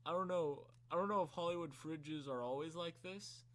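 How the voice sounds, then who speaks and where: A man's voice: on the high side, moderate pace. A young man co-hosting a casual podcast, telling a rambling story full of "like" fillers. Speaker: podcast co-host. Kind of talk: casual chat.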